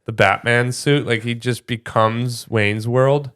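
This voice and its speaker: Joking Midwestern podcast co-host. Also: male voice, mid-range voice, steady tone, fairly bright tone, clean tone. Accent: Midwestern American. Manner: playful, joking, quick to laugh. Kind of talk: casual chat.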